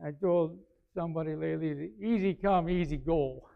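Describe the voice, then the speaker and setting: A male pastor preaching a sermon, animated, swinging between quiet asides and loud bursts. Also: fairly high pitch, normal speed, creaky. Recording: slightly dull, lo-fi sound.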